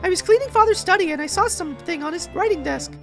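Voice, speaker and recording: A man voicing a polite, gentle young woman assistant from a mystery game in a soft, high falsetto. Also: expressive, fast, faint music behind, heavily acted. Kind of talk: reading game dialogue aloud.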